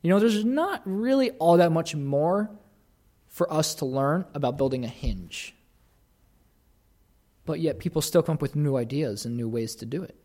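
A man's voice: a little high, mellow. A young man preaching a sermon in an earnest, conversational way, acting out the voices he quotes.

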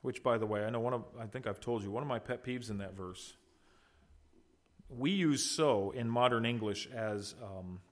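A middle-aged man preaching a sermon in an earnest style, swinging between loud and soft. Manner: earnest preaching with wide swings in loudness and pitch. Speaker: pastor.

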